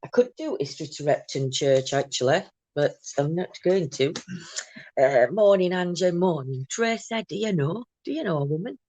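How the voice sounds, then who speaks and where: A woman chats her way through a casual morning livestream at home, greeting viewers one by one. Her laugh is big and loud. The sound is close and dry, with no room echo. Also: deep voice, expressive, moderate pace. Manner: chatty, greets viewers by name, laughs loudly. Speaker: livestream host.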